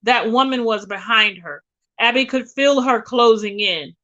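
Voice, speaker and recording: A woman reading a novel aloud with expressive, dramatic storytelling. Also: a little high, a little slow, dull audio. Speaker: reader.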